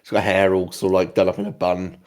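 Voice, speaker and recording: A man narrating as game master of a tabletop game, rambling and halting with many ums. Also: low-pitched, little pitch movement.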